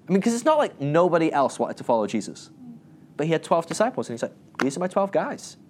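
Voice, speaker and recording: A man's voice: fairly high pitch, fast talker, a little hiss or hum. A man giving a casual Bible teaching talk, rambling with restarts and acting out the people in the stories. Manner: animated storytelling, acting out quoted voices; rambling with many restarts and asides.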